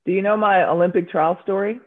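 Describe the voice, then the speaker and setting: Woman, former athlete, lively anecdotes, acts out quotes, narrow phone-line audio. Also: mid-range voice, fast. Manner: animated storyteller, acts out quoted voices. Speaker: former Olympic shot putter, interview guest. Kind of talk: storytelling interview answers.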